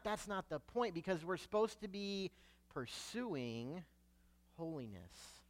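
A man preaching a sermon, emphatic, swelling loud on key words and sinking low and quiet at the ends of phrases. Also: animated, slow. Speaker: pastor.

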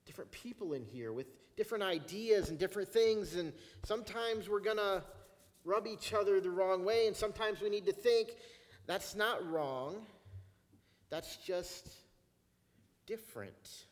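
A man preaching a sermon as pastor, in a conversational way, slowing down to stress key phrases. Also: high voice. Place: church sanctuary. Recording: long reverb of a church hall.

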